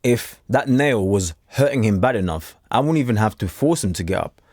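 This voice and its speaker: A man's voice: lowish voice, animated, normal speed, darkish tone, dry recording, studio quality. A man from Africa giving a blunt, preachy motivational talk straight to camera, acting out the voices he quotes. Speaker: self-improvement coach.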